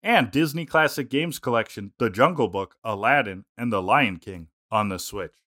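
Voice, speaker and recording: Playful podcast co-host man, bright voice. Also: medium pitch, lively intonation, normal speed, no echo, clean studio sound. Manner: playful, joking, laughs often. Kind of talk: casual chat.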